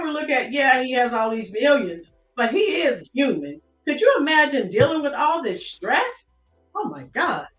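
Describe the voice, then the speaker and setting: A woman's voice: high voice, a bit bright, roomy sound, recorded from a distance. An American woman hosting a live-stream commentary, chatting and greeting her chat viewers by name. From United States.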